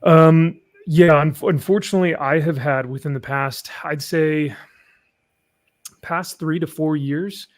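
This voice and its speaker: A man's voice: fairly high pitch, steady tone, unhurried, no room sound. Earnest man guest, dry sound. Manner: earnest, searching for words. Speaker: panel guest. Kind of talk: casual panel discussion.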